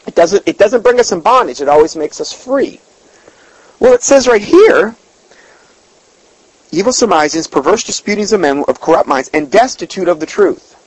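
A man's voice: high voice, animated, moderate pace, slightly rough, no room sound, low-quality recording. A man preaching an informal sermon in a folksy, emphatic way, often repeating words and reading scripture aloud.

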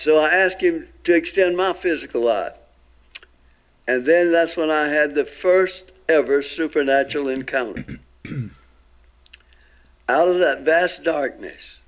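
A man gives his testimony with earnest emphasis. He draws out key words and his voice sits fairly high for a man. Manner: earnest storyteller, drawn-out emphatic phrases. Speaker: guest telling a near-death experience. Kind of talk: recorded testimony talk.

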